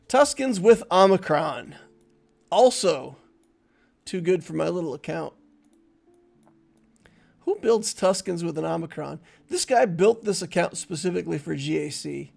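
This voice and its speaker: A man streaming a game with a high, gravelly voice, unhurried as he banters with his chat and breaks into laughter often. Faint music plays behind him. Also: darkish tone. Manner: playful, chatting with viewers and laughing easily. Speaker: gaming streamer. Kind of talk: casual live-stream game commentary.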